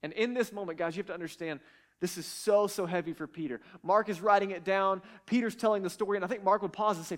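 This Bible teacher is a man with a light, high-pitched voice and a fast delivery. His intonation stays fairly even, yet he sounds earnest and emphatic, often stumbling on repeated words as he presses on.

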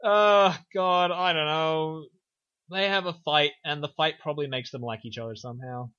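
A man's voice: fairly high pitch, steady tone, moderate pace, pushed and bright, smooth. A man co-hosting a podcast, recapping a film in a sarcastic, profane, offhand way. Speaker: podcast co-host reviewing a film. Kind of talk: casual film recap chat. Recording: dull lo-fi sound.

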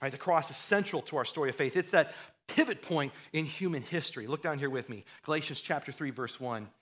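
Animated high-voiced male preacher. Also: fairly quick. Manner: animated preaching that rises to loud, fired-up bursts; conversational, with frequent repeated words and restarts. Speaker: pastor. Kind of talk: sermon.

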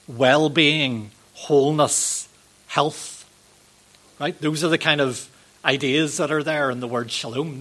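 A man's voice: mid-range voice, husky. Conversational man preaching. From Northern Ireland. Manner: gentle, conversational, with frequent ums and rhetorical questions. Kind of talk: sermon.

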